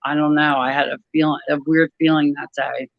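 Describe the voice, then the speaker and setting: Woman, personal testimony, halting delivery, flat pitch, dry lo-fi recording. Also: vocal fry, dry recording. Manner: halting, many pauses and restarts. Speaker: airline crew desk worker.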